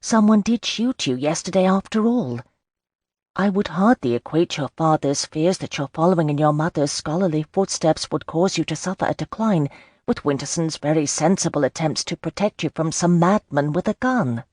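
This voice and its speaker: A woman narrator puts on a sensible young Regency lady with a low, composed voice. Her talk is dry and teasing. The reading sounds dry and close. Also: animated, moderate pace, darkish tone, dry recording. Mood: reasoning. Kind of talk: audiobook character voice.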